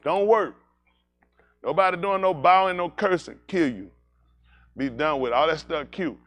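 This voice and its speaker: A man preaching, telling animated, jokey stories and slipping into high-pitched voices for characters. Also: unhurried. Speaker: pastor. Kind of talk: comedic storytelling sermon.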